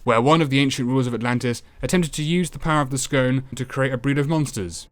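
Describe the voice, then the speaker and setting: A man's voice: medium pitch, quick pace. Sweary man roasting an old game. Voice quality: sardonic, crude and deadpan. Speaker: video game reviewer. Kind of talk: sweary comedic game review narration.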